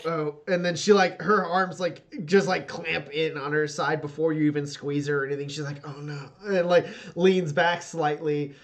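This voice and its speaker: A man narrating as game master of a tabletop role-playing game, unhurried and full of "like". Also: on the high side, fairly even intonation. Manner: unhurried, lots of "like", laughs often.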